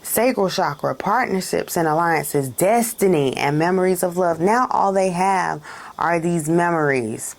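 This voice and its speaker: Gravelly-voiced female card reader, chatty and dramatic, laughs a lot. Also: lowish voice, measured pace. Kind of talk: casual spiritual reading to camera.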